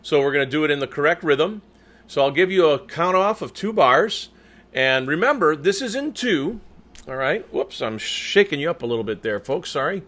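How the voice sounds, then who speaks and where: Bright-voiced man coaching a choir. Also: on the high side, animated, moderate pace. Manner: clear, patient spoken instruction, careful diction. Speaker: choir conductor. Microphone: new microphone.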